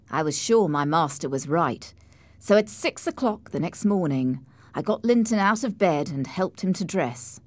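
A woman narrating an audiobook in a clear, measured storytelling manner, close to the mic. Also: on the low side, expressive, no room sound.

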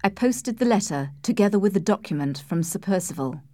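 A woman narrating a classic novel in a calm, measured storytelling voice. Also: medium pitch, no room sound, studio quality. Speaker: audiobook reader. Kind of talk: scripted narration.

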